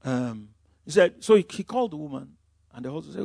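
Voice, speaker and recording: A man preaching a sermon, swinging between loud emphatic lines and quiet asides. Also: a little high, lively intonation, fairly quick, vocal fry, no echo, clean studio sound. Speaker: pastor.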